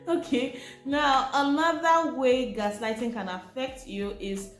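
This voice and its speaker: A woman's voice: high-pitched, fairly even intonation, unhurried. Woman teaching in an echoey room. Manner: chatty, asks rhetorical questions. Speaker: presenter. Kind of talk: informal teaching monologue. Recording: echoey room with faint music.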